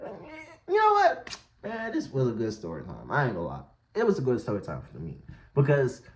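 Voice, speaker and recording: A man telling a storytime vlog in slangy talk, laughing often as he goes. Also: on the high side. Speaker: vlogger.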